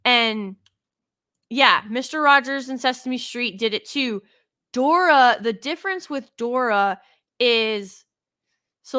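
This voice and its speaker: A woman holding forth in casual opinion commentary, opinionated and given to rambling restarts. Her voice is bright and sits a little high. She talks at an unhurried, drawn-out pace. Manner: opinionated and rambling, with frequent restarts and quoted asides. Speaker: online commentator.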